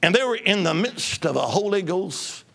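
A man from Alabama preaching his testimony as an evangelist, exuberant, shouting and breaking into tongues. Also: sits high, expressive, moderate pace, vocal fry. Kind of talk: testimony sermon.

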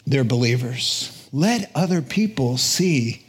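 A man, preaching a lively storytelling sermon, laughing often and dropping to a whisper for quiet lines. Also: medium pitch, takes it slowly, slightly rough. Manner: animated storytelling, acts out quoted voices, drops to a whisper at times, laughs often. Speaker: pastor.

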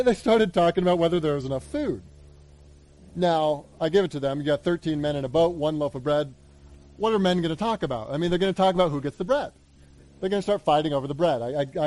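A man preaching a sermon in an earnest way, moving between loud appeals and hushed asides. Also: fairly high pitch. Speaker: pastor.

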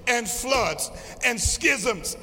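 A man preaching a sermon as pastor, with a rhythmic delivery that swings from quiet passages to shouts. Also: very high voice, animated, extremely slow. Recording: long reverb of a large hall.

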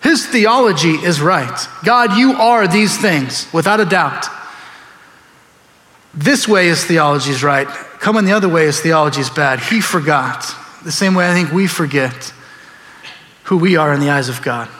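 A man pastor delivering a sermon in an animated way, acting out biblical figures in quoted voices. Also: a little high, moderate pace. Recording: long reverb of a large hall.

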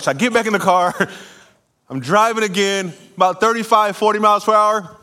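A man preaching a sermon in church, telling a lively personal story with laughter before calling the congregation to respond. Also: high voice, a little fast. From California. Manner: animated storytelling, laughing at himself, then preaching and calling for amens. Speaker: pastor. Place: church sanctuary.

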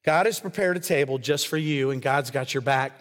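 A man's voice: mid-range voice, fairly quick. A man preaching a sermon as a pastor, earnest and conversational, often acting out quoted voices. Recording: long hall reverb.

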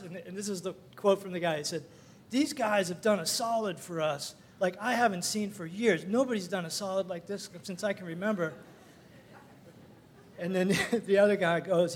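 A man's voice: fairly high pitch, slight background noise. An older man sharing a rambling, folksy church testimony, full of fillers and little laughs. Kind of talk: casual storytelling testimony.

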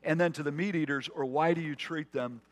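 Man, pastor, conversational sermon, somewhat high pitch, long hall reverb. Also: steady tone, brisk. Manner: conversational, with asides and restarts.

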